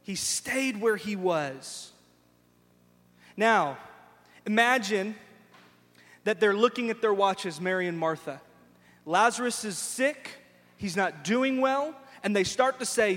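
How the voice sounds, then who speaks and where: Pastor guy preaching in a church, high voice, big hall echo, acts out the characters. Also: takes it slowly, pauses often. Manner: animated storytelling preacher who acts out voices. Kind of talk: sermon. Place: large church sanctuary. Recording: long hall reverb in a church.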